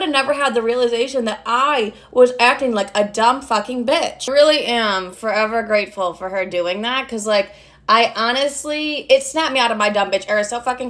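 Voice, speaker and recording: A young woman telling a story in a casual, animated way, blunt and full of swearing. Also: on the high side, fairly quick.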